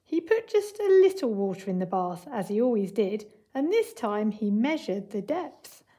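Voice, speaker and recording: A woman teacher, explaining maths and reading a picture book aloud to young children in a clear, patient way. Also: medium pitch, big pitch swings, moderate pace, dark tone. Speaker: primary school teacher.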